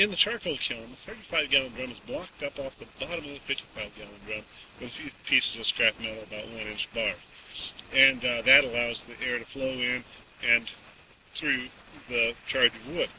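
A man casually demonstrating a camp stove outdoors, rambling with lots of fillers. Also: mid-range voice. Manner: folksy, rambling, with many fillers. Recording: distant outdoor mic with background noise.

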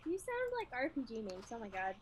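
A woman chatting casually while gaming with friends, quick to laugh. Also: fairly high pitch, huge pitch swings. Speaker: gamer. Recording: noisy voice chat line.

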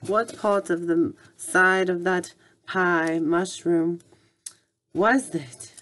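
A woman's voice: fairly low pitch, fairly even intonation, drawn-out words, a bit bright. A woman in a homemade comic skit, mumbling to herself as she goes.

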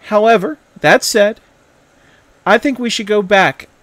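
A young man with a fairly high voice talks in a gaming video. He teases a rival creator with mock-pompous, playful banter. He lays down a friendly challenge with exaggerated grandeur. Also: a little slow, a bit bright, no room sound.

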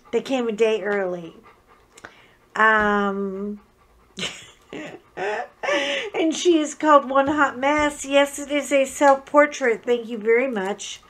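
A woman's voice: on the high side, fairly bright tone, a little hiss or hum. A middle-aged woman chatting casually as she unboxes a craft kit at home, joking and wandering off-topic with frequent restarts. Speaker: craft vlogger.

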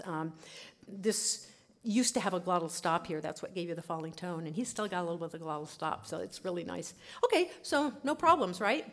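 Give me a woman linguist giving a lively talk, mid-pitched and chatty. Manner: chatty, laughing often, peppers with "okay". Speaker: linguist giving a conference lecture. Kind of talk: lively lecture to an audience.

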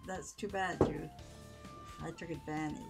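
An older woman, a grandmother, chatting gently and casually while playing a video game, often saying "ooh". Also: sits low, steady tone, normal speed, creaky. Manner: gentle, easily impressed, exclaims 'ooh'. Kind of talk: casual chat while gaming. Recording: loud game music behind.

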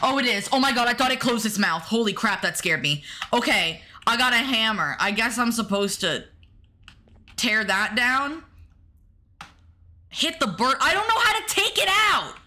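A woman's voice: fairly high pitch, animated, normal speed, bright, forceful tone, slight background noise. Jumpy woman streaming a horror game. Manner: jumpy, talks to the chat and the game, yelps when startled. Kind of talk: casual gameplay commentary to chat.

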